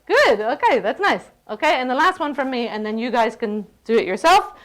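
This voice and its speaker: A woman's voice: a little high, brisk. Playful woman teaching a class. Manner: lively, playful, checks in with "okay?" often. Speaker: lecturer. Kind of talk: classroom lecture. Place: university classroom.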